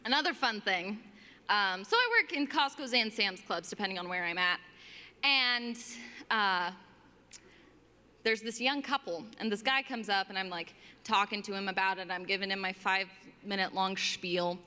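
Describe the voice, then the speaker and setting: A young woman performing a stand-up set, telling stories about her job and acting out customers in exasperated voices. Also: moderate pace. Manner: animated, acts out customers in high exasperated voices. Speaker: stand-up comic. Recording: reverberant event hall.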